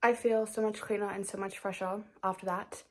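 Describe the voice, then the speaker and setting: A young woman talks through her night routine at home, chatty and playful. She pokes fun at herself, and her pitch sits in an ordinary middle range. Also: steady tone, a little fast. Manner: chatty, playful, self-mocking. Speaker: vlogger. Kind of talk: casual vlog narration. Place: bedroom at home.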